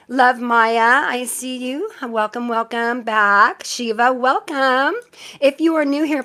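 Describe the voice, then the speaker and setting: A woman's voice: on the high side, a bit bright. A woman doing a casual tarot live stream, chatting in a rambling, random way to her viewers and laughing often.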